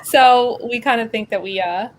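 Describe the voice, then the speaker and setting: A woman's voice: fairly high pitch, normal speed, a little hiss or hum. A woman hosting a livestream panel, chatting casually and rambling with lots of fillers over a remote call mic. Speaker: host.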